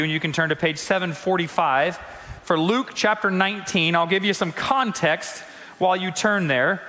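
A male pastor preaching a conversational sermon in a church, acting out quotes and slowing down for emphasis. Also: high-pitched, bright, forceful tone, long reverb tail. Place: church sanctuary.

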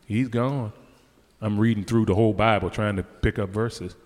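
A man preaching a fervent sermon, swinging between loud exclamations and quiet asides. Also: lowish voice, fairly even intonation, moderate pace. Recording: long hall reverb.

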